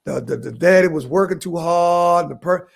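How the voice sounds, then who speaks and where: A man in his fifties co-hosting a podcast, telling stories in a loose, animated way, swearing and laughing as he goes. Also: high voice, moderate pace, vocal fry. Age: 50s. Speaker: podcast co-host. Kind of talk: casual chat.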